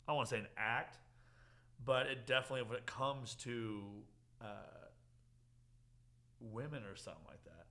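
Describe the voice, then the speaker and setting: At a moderate pace with long pauses, a young man with a mid-range voice hosts a casual podcast chat. He tells stories in an animated way, acting out quotes and laughing often.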